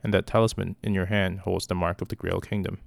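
A man voicing a scheming, smirking young enchantress with a sly, taunting manner and a gravelly voice. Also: low-pitched, little pitch movement, quick pace, dry recording.

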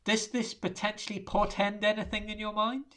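A woman's voice: medium pitch, level tone, normal speed, a bit bright. A woman co-hosting a casual podcast, recapping a film in a rambling way with dry asides. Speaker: podcast co-host.

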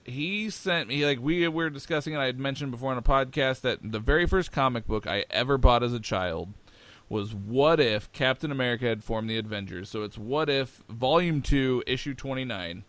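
A man's voice: mid-range voice, fairly bright tone, clean tone, no room sound. A man co-hosting a podcast, chatting casually and with enthusiasm, rambling with lots of fillers. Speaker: podcast co-host.

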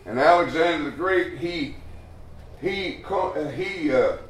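A man's voice: on the high side, animated, unhurried. A man preaching a sermon in a church hall, working through scripture in a folksy, rambling way. He takes his time, and his voice rings with room echo, heard from some distance away from the mic. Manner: folksy, rambling Bible teaching with restarts and chuckles.

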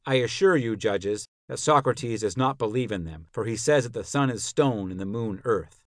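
A man voicing a stubborn young accuser who answers tersely and insistently, a bit lower and quieter than his narration. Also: animated, normal speed, no echo, studio quality, lightly acted. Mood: curt.

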